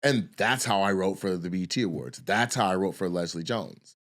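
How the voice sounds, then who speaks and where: A man's voice: deep voice, fairly quick. A man, a stand-up comedian hosting a podcast, telling a long story in a rambling, profane, casual way. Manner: rambling, profane, restarts a lot.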